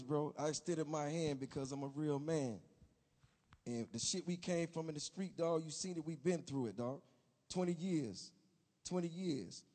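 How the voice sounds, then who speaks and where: Insistent man, high voice, echoey. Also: darkish tone. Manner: insistent, repeats himself, heavy street slang. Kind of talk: comedic street-talk sketch. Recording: echoey hall reverb.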